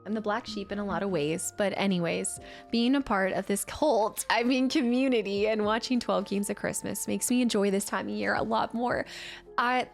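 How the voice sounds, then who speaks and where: A woman streamer chatting casually with her viewers, excitable and quick to squeal and laugh. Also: medium pitch. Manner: excitable, squeals and laughs when opening gifts. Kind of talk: casual live-stream chat.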